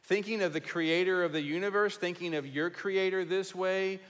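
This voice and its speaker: A man preaching a sermon as pastor, emphatic and repetitive, dropping to a hush on key words. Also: high voice, fairly even intonation, normal speed. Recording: long hall reverb.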